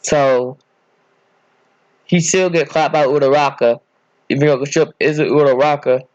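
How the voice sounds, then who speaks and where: A man's voice: fairly high pitch, fairly even intonation, measured pace, no room sound. A man casually narrating an improvised fan story, rambling and correcting himself as he goes, on a dull, dry recording.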